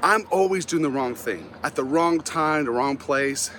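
A middle-aged man, a Christian motivational speaker, telling humorous stories about himself in an animated, self-mocking way and often laughing at his own tales. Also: fairly high pitch, moderate pace, a little hiss or hum. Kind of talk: humorous storytelling talk.

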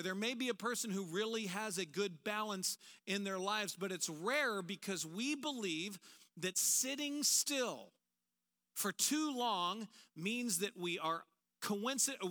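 A man with a high, bright voice preaches a sermon to a large church auditorium. He talks in an animated way and slips into quoted voices. His tone stays sharp and forward. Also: unhurried. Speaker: pastor.

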